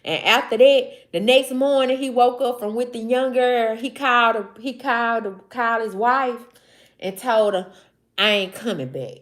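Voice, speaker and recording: A woman's voice: fairly high pitch, fairly even intonation, moderate pace. A woman with a Southern accent from Mississippi, hosting a casual livestream and talking straight to her chat in a loose, slangy way that repeats itself. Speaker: livestream host. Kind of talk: casual live-stream chat.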